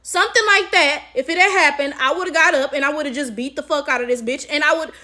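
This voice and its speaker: A woman's voice: high voice, quick pace, pushed and bright. A woman vlogger and chess coach telling a story to her viewers in a casual, emphatic way, swearing freely and often checking in with "right?".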